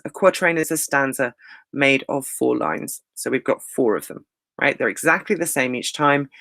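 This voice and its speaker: A man giving a recorded English lesson, explaining with lively energy. His voice sits a little high, and the sound is dry and close. He slows down to read lines of poetry. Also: dry recording. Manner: explanatory, lively, reads verse slowly. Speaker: English teacher. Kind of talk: recorded lecture.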